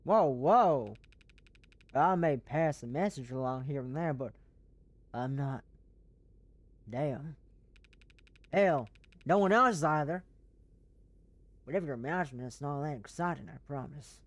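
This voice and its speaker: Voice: medium pitch, expressive, a little slow, pauses often, no echo, natural voice. A streamer reading an evasive mob messenger. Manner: casual, dismissive.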